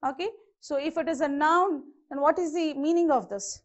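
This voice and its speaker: Speaking at normal speed in a high voice, a female English teacher patiently walks through grammar in class. She says words more than once and checks understanding with "okay," captured on somewhat muffled, dull audio.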